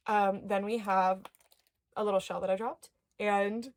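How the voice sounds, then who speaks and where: A young adult woman chatting casually as she unboxes dolls and toys, excitable, with gasps and soft murmured asides. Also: medium pitch, fairly quick. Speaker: doll collector YouTuber.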